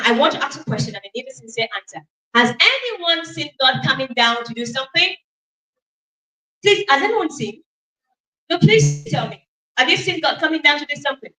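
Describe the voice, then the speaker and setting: High, bright woman hosting in an echoey hall. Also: distant mic. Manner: lively, calls out questions for the audience to answer. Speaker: event host. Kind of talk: motivational stage talk to an audience. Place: conference auditorium.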